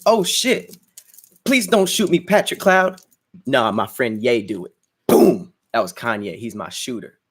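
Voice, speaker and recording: Young male podcast host, casual and crude, brags through freestyle bars, mid pitch. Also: expressive, unhurried, slightly rough. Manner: crude, boastful and joking, laughs at himself. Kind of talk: casual livestream chat and freestyle rap.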